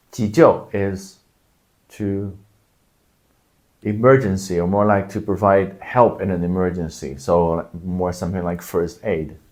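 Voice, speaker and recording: A middle-aged man teaching language phrases in a casual video lesson, explaining patiently and breaking out into loud acted examples. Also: lowish voice.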